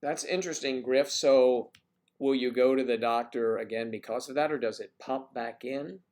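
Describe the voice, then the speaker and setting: A man's voice: mid-range voice, normal speed, a little mellow. A man hosting a livestream, chatting casually with viewers in a rambling, teasing way. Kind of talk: casual chat.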